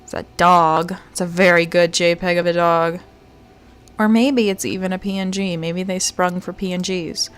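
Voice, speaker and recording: A woman's voice: lowish voice, flat delivery, moderate pace, clear, resonant tone. A woman streamer chatting playfully to herself as she plays a game live, with the odd jokey mock-British phrase. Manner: chatty, playful, talks to herself while searching.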